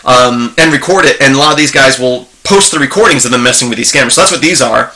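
A man's voice: mid-range voice, quick pace, pushed and bright. A middle-aged man hosting a casual tech video, talking in a rambling, chatty way with frequent restarts and ums. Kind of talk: casual screen-share talk.

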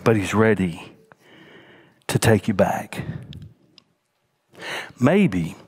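A middle-aged male senior pastor preaching a sermon, swinging from emphatic raised lines to soft, hushed ones. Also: lowish voice, very animated, very slow, slightly rough.

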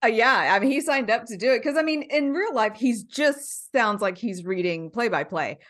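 A woman's voice: fairly high pitch, expressive, normal speed, fairly bright tone. Giggly woman telling a podcast story. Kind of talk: casual chat.

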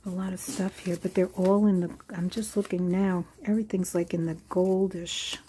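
A woman hosting a casual crafting tutorial, musing aloud at an unhurried pace as she works and sometimes dropping into soft whispers. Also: lowish voice, flat delivery. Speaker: crafting channel host. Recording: faint background noise.

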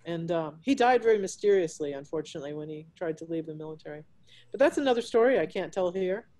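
A woman's voice: fairly low pitch, expressive, fast, mellow. A woman author chatting effusively with guests over a video call from her home. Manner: effusive, gushing over pets. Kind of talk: casual chat on a video call. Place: at home, alone.

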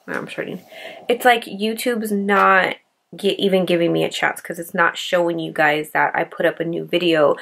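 A woman beauty vlogger talking casually to camera in a rambling way, with lots of "like" fillers. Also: fairly low pitch. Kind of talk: casual vlog chat to camera.

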